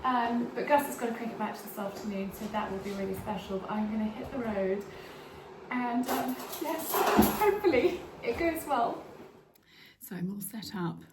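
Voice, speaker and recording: A woman's voice: on the high side, expressive, normal speed. Chatty, emotional woman vlogger. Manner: chatty, emotional, often hushed. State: emotional, tearful. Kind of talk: casual vlog chat. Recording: echoey room, faint background noise.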